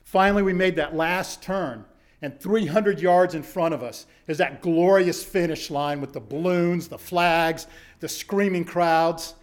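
High-voiced man telling a dramatic story. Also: unhurried. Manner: dramatic storyteller, swings from hushed to shouting. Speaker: motivational speaker. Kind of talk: storytelling speech to a live audience.

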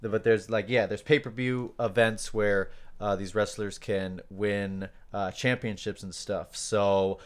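A man co-hosting a podcast, talking casually with many pauses and fillers as he works through his notes. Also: fairly low pitch, little pitch movement. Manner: hesitant, many fillers, loses his place. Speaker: podcast co-host.

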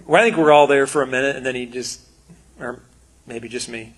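A man giving a casual, conversational sermon, animated and full of quoted asides. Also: mid-range voice, a little fast. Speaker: preacher.

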